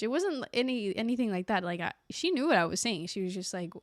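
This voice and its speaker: A young woman from Sweden talking casually to the camera, reflective and animated, acting out the people she quotes. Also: mid-range voice, quick pace, no echo, studio quality. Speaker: vlogger.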